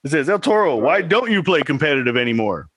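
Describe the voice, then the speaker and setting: A man's voice: on the high side, big pitch swings, fast talker, a bit bright, slightly rough, no echo. A man in his thirties, a podcast co-host, chatting casually and telling a rambling story with laughs. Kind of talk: casual chat.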